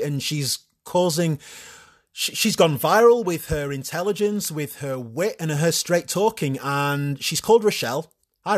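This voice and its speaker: A man's voice: fairly high pitch, voice pushed up. A man doing a gushing male breakfast TV presenter. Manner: formal, gushing presenter introduction.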